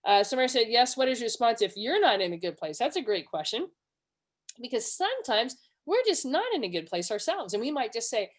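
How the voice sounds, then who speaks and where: A middle-aged woman presenting a webinar, teaching conversationally with personal stories and acting out quoted dialogue. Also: a little fast. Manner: earnest, acts out quoted dialogue with lively pitch jumps.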